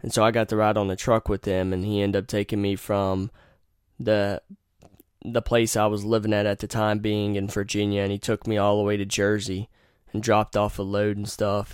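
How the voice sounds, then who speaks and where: Profane young man, smooth low voice. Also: no echo, clean studio sound. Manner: profane, rambling, opinionated. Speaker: podcast host. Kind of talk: casual storytelling monologue.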